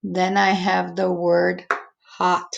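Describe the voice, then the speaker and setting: A woman teacher slowly walking young students through a phonics lesson, stretching out each word's sounds. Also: on the low side, completely flat delivery, gravelly, lo-fi sound. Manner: slow, patient, stretching out each word sound.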